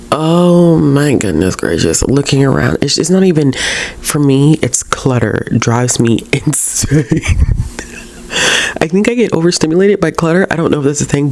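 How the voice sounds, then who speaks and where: A woman book vlogger in a casual chatty vlog, tired and low on energy, rambling and correcting herself, slangy and talking straight to her viewers. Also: darkish tone. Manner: rambling, self-correcting, laughs often.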